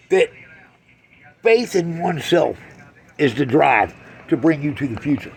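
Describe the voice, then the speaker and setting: A man doing a crude, brash stand-up routine on a club stage, swinging from loud jabs to low mutters. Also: vocal fry. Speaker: stand-up comedian.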